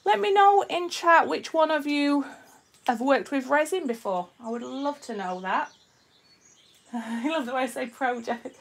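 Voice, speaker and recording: A woman's voice: high-pitched, measured pace, creaky. A woman with a Yorkshire accent and a slight Australian twang, chatting casually to viewers on a live stream as she demonstrates her craft, greeting people and reading out their comments. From Yorkshire, England. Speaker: resin artist hosting a live stream.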